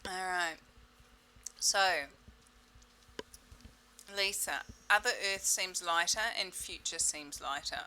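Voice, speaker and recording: A woman leading a self-help webinar in a playful, exclamatory way, repeating set clearing phrases. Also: fairly low pitch, slow, long pauses, sharp tone, a little hiss or hum, poor audio. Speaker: webinar facilitator.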